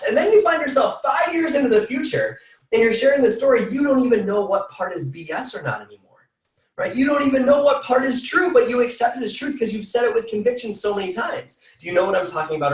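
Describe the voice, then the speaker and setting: Energetic male motivational coach, higher voice, echoey and slightly distant. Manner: energetic, repeats phrases for emphasis. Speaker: team call speaker.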